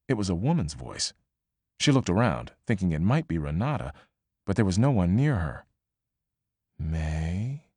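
A man reading a novel aloud as audiobook narrator, measured and expressive. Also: sits low, breathy edge, no echo, clean studio sound. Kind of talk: scripted narration.

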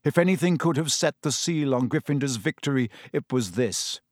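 A man narrating a storybook with a lively, expressive reading. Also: medium pitch, normal speed, no echo, clean studio sound. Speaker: audiobook reader.

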